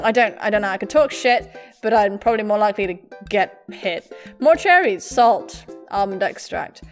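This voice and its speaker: A young woman gaming YouTuber playing a dating game at home, reading the text aloud with giggly, playful commentary and sudden loud squeals. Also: mid-range voice, lively intonation, moderate pace, faint music behind. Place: home room with a pet cat. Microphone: desk mic with face cam.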